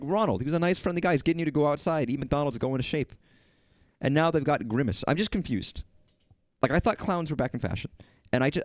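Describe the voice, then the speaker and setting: A man's voice: mid-range voice, a little mellow, no echo, studio quality. A man from Texas streaming, rambling casually, joking and swearing as he talks.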